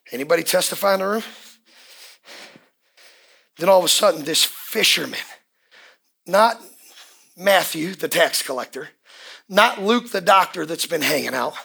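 A man preaching a fiery sermon as pastor at a church service, often shouting and repeating key words. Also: sits high, expressive, unhurried, creaky, pauses often.

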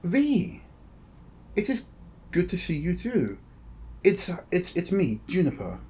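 A man's voice: high-pitched, wildly swooping pitch, slow pace, warm tone, breathy edge, pitched above the performer's own voice, heavily acted. A man voicing a small, feminine robot shaped like a kobold, speaking courteously and formally. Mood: warm surprise.

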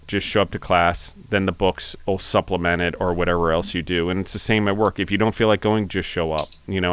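Deep, smooth-voiced male podcast host. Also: a bit bright. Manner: reflective, encouraging. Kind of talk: casual interview chat.

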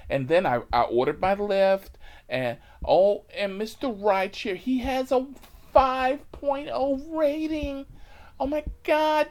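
A man's voice: high voice, pitched above the performer's own voice. A man voicing a flamboyant male airport passenger who gushes and squeals with breathless praise.

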